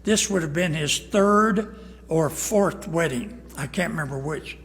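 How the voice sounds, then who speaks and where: A man's voice: a little high, a little slow, creaky, long reverb tail. An older man, a pastor, preaching a folksy sermon, telling stories in plain speech and acting out the dialogue. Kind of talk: storytelling sermon. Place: church sanctuary.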